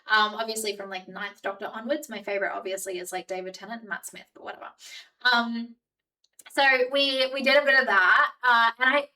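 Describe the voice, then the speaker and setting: A young woman with a blended Australian and New Zealand accent talks with her stream chat in a bright, slightly high voice. She rambles and laughs, filling gaps with lots of "um" and "like". Her voice sits a little back from the mic. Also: fairly even intonation, a little fast, distant mic, poor audio. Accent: Australian and New Zealand mix. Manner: chatty, rambling, frequent fillers and laughs. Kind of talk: casual live-stream chat with viewers.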